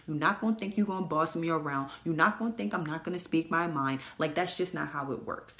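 A young adult woman host telling her story to listeners in a candid, blunt monologue, animated and swearing freely, calling them y'all. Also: fairly low pitch. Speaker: podcast host. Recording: echoey room.

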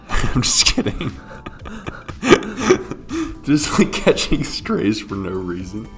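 A man's voice: fairly low pitch, very animated, slow pace, over music. A young man co-hosting a podcast, joking and laughing as he explains a topic in casual chat. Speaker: podcast co-host.

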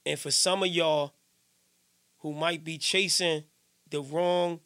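Middle-aged male radio host, high gravelly voice, emphatic preachy rambling, dry close sound. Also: fairly even intonation, slow, dry recording. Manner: emphatic, repetitive, swings loud and soft. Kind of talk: casual preachy monologue. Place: radio station studio.

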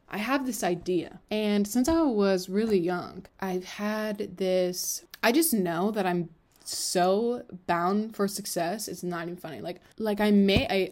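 A woman's voice: mid-range voice, a little mellow. Candid young woman, confessional podcast. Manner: candid, emotional, rambling with fillers like "like" and "you know". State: tearful at times. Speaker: podcast host. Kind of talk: personal confessional monologue.

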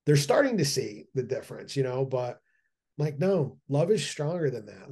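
A man's voice: mid-range voice, sing-song, normal speed, dark tone, breathy edge. A middle-aged man talking as a podcast guest, eager and rambling, with frequent restarts and repeated words. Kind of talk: casual podcast conversation.

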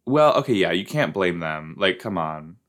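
A man hosting a casual reaction show about a TV episode, excitable and joking, with sudden jumps into high squeals. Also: normal speed.

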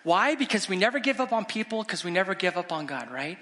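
A middle-aged man, a guest evangelist, preaching an animated, exclamatory storytelling sermon in a church sanctuary. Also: high voice, fast talker. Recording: long church reverb.

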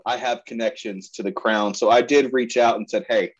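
Man, sarcastic, deadpan rants, podcast co-host, dull lo-fi sound. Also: mid-range voice, normal speed, slightly rough. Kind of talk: casual sports-betting podcast chat.

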